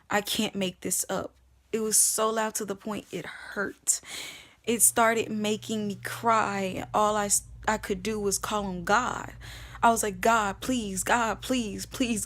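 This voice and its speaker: A young woman vlogging, telling a personal testimony in an earnest, emotional way, repeating phrases and sometimes dropping to a hush. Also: mid-range voice. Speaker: vlogger sharing her testimony. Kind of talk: personal storytelling.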